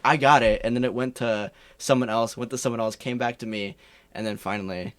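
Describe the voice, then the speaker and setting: A man's voice: medium pitch, steady tone, brisk, dry recording. A man co-hosting a podcast, talking in a blunt, profane, joking way. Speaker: podcast co-host. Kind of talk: casual chat.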